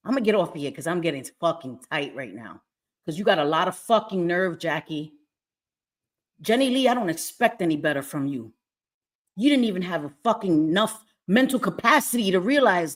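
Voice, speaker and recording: A woman's voice: medium pitch, animated, moderate pace, a bit bright. Angry, profane woman ranting on a livestream. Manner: angry, profane, repeats herself. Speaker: livestream host. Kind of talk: heated livestream rant. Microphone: webcam or phone.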